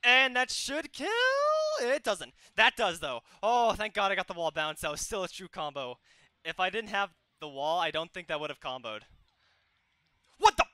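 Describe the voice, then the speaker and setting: A young man hosting his gaming channel, giving excitable live commentary on his own match and yelping and shouting at the action. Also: on the high side, moderate pace, clear, resonant tone, no echo, clean studio sound.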